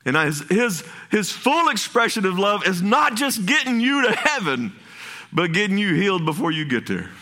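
A man's voice: sits high, big pitch swings, moderate pace, sharp tone. A man, preaching a passionate sermon as pastor, with folksy asides and many restarts.

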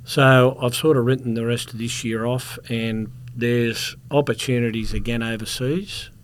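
There's a little hum behind this middle-aged Australian man as he talks at a moderate pace, his medium pitch fairly even. A former policeman and security contractor, he's a podcast guest spinning rambling anecdotes and coughing from time to time in a casual storytelling chat.

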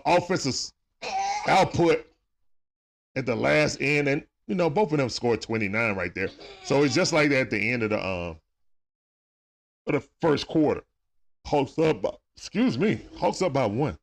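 A man hosting a sports talk livestream, giving casual play-by-play as he watches a game, shouting at big plays and greeting viewers. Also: on the high side, expressive, moderate pace. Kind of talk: live play-by-play watch-along commentary.

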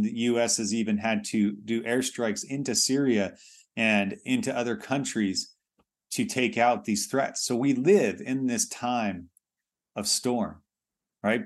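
A man preaching a sermon in a conversational way, often restarting phrases and filling with "you know". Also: mid-range voice.

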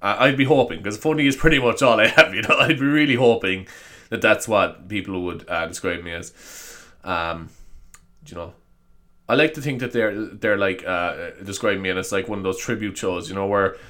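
A man's voice: on the low side, moderate pace, bright, forceful tone. A young man hosting a solo comedy podcast, rambling and swearing with self-mocking humor. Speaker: podcast host.

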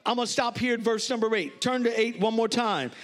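High-voiced storytelling preacher man. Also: a little fast. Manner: storytelling preacher, loud animated exclamations. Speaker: pastor. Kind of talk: sermon.

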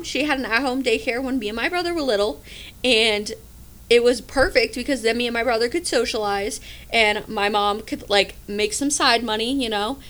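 A woman in her twenties hosting a casual solo podcast, talking in animated, rambling asides and swearing freely. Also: fairly high pitch. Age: 20s. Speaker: podcast host.

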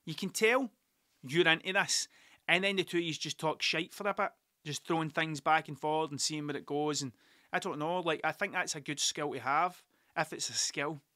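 A man rambles through a story, swearing freely and laughing at his own tales. His voice sits a bit high and sounds bright and forceful. The recording is dry and close, with no room sound. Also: steady tone, normal speed, no echo. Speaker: podcast host. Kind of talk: casual storytelling monologue.

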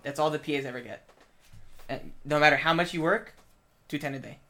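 Man, slightly high voice, rambling, filler-heavy, swearing, casual chat. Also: a little fast, pushed and bright. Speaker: film crew member.

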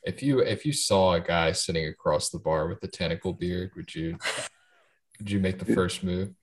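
A woman co-hosting a podcast in casual comedic chat, playful and quick to tease. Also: a bass voice. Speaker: podcast co-host.

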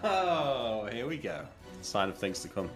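A man playing a tabletop game with friends, chatting casually, animated and laughing as he lectures playfully. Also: medium pitch, unhurried, faint music behind. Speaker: player.

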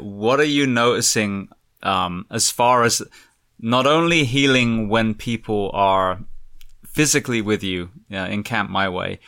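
A man hosting a podcast, asking measured, thoughtful questions. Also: fairly low pitch, sharp tone. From England. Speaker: podcast host. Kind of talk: interview questions.

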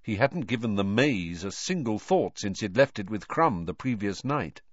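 Man reading a storybook aloud, low voice, lots of lilt, kinda muffled dead audio. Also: normal speed, dry recording. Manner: expressive storytelling. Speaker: audiobook reader. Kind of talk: scripted narration.

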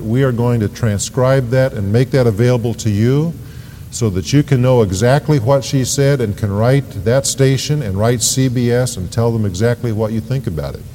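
A man's voice: medium pitch, warm tone, a little hiss or hum. Man preaching in a reverberant church. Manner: preaching with rising emphasis on scripture readings. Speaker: pastor. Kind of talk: sermon. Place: church sanctuary. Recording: long hall reverb, church sanctuary.

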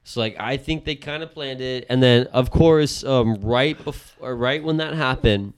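A man's voice: medium pitch, measured pace, smooth. A young adult man co-hosting a podcast in casual chat, rambling and swearing with lots of fillers. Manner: rambling, profane, filler-heavy. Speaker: podcast co-host.

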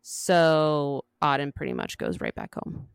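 Low, smooth woman recapping. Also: sing-song, dry recording, studio quality. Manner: easygoing storyteller, retells scenes with quick acted-out quotes. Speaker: podcast co-host. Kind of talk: casual book recap.

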